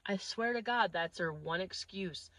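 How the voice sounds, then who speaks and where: A woman's voice: medium pitch, unhurried, no echo. A woman from northeastern Pennsylvania telling a crude, exaggerated comic story. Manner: animated, crude, exaggerated delivery. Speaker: comedian.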